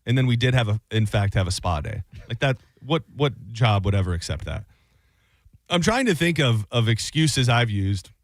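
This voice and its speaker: A man's voice: medium pitch, animated, normal speed, dry recording. Guy hosting radio, casual rambly banter, dry close mic. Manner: loose rambling delivery, lots of restarts. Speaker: radio show host.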